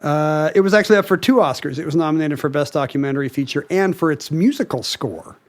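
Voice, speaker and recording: Podcast guy reading off trivia, kinda high voice, chill chat. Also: fast. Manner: explains facts, looks things up on the spot. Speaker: podcast co-host. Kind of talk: casual chat.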